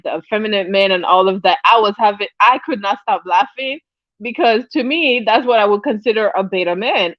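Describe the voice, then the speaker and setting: A woman's voice: medium pitch, no room sound. A woman hosting a casual livestream, reading the chat aloud, rambling with restarts and bursting into laughter often. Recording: dull lo-fi dry sound.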